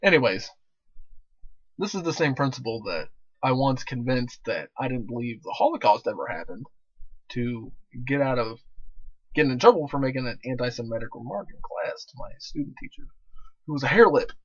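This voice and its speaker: A man's voice: mid-range voice, lively intonation, normal speed, slightly rough, dry recording. Young man swearing through a story, lo-fi. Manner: laughing, heavy swearing, rambling restarts. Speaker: vlogger telling stories. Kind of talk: casual profane storytelling. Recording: dull lo-fi dry recording.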